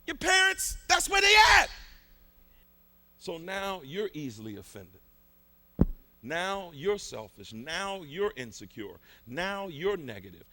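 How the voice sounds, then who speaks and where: A man preaching with fervor, building repeated phrases and rising into shouts. His voice is high, bright, and lively, and it swings widely in pitch. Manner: fervent, colloquial, repetitive, shouting at peaks. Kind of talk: sermon.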